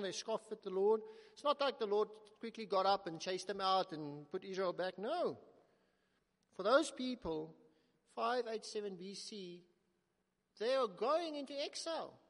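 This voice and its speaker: A man preaching a sermon in earnest tones, swelling to emphatic calls and sinking to soft, slow words. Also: sits high. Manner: earnest, rising to emphatic then dropping to soft, slow quotes. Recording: long hall reverb.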